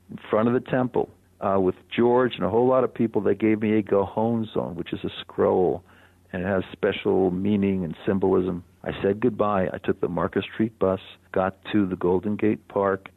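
An older man, a radio guest, telling a personal story in a reflective, animated way with soft chuckles. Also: fairly low pitch, gravelly, no echo. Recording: phone-line radio interview.

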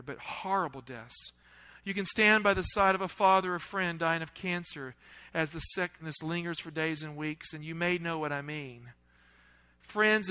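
A man preaching a sermon, asking the congregation questions and swinging between loud, urgent lines and hushed ones. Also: a little high, smooth, poor audio. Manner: asks the audience questions.

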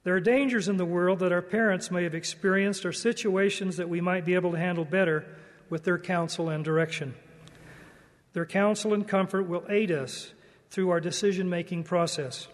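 A man giving a devotional church talk in a slow, earnest, measured way. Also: high-pitched, steady tone, in a large hall. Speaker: church speaker.

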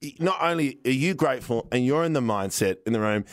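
A man's voice: medium pitch, lively intonation, quick pace, dry recording, studio quality. A man in his thirties with an Australian accent, chatting casually as a podcast host and telling rambling stories full of fillers. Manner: rambling storyteller, many fillers. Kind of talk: casual chat.

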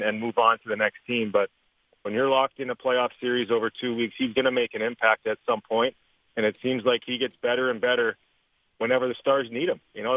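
A Canadian man and former hockey player talks through the game in a relaxed, chatty way, now and then laughing. His voice comes through a tinny phone line. The sound is dry and close. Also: medium pitch, no room sound. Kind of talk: phone interview, hockey analysis.

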